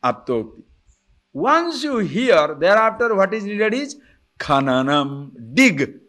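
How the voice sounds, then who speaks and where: Swami lecturing with rhetorical questions. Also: male voice, high-pitched, big pitch swings, slow pace, fairly bright tone. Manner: storytelling, full of rhetorical questions. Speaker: spiritual teacher. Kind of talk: Vedanta scripture lecture.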